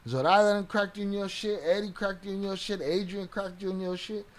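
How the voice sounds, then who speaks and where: A man's voice: sits high, steady tone, fairly quick, slight background noise. A man streaming live and reacting to an interview, ranting at a viewer in a profane, confrontational way.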